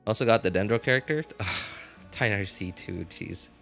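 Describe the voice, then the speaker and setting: A man's voice: fairly low pitch, normal speed, vocal fry, fairly bright tone. A man live-streaming a game, chatting casually with his viewers, often laughing and talking straight to chat. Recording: faint music behind.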